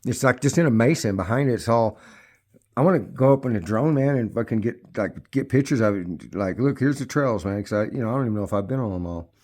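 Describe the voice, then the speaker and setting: A man's voice: mid-range voice, quick pace, darkish tone. A man in his fifties talking casually to camera about his e-bike, rambling and swearing often, with frequent restarts. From United States. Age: 50s. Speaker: e-bike vlogger. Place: at home near his bikes.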